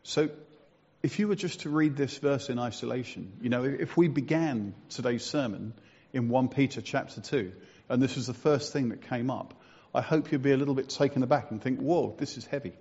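A man preaches a sermon in a slightly husky voice and asks his listeners questions as he goes. His voice rings with a long church reverb. The recording is dull and lo-fi. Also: medium pitch, normal speed, a little mellow. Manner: conversational, asks the congregation questions, self-mocking humour. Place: church hall.

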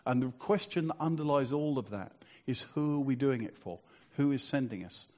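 A man's voice: medium pitch, lively intonation, moderate pace, darkish tone, muffled recording. A man preaching a sermon in a conversational, storytelling way, asking rhetorical questions.

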